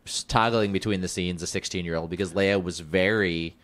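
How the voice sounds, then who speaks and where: Very deep-voiced joking male podcast host. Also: steady tone, fairly quick, a bit bright. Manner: chatty and joking, with rambling asides. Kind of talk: casual chat.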